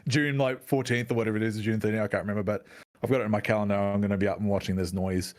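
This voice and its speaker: A man co-hosting a casual gaming podcast, chatty and excitable, swearing freely as he talks. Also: on the low side, fast talker. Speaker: podcast co-host.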